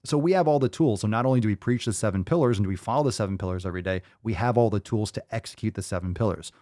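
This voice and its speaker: A man hosting a fitness podcast, ranting loudly and swearing as he pushes listeners to act. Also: lowish voice, racing, no room sound, studio quality. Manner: profane, loud, hyped rants. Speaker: podcast host.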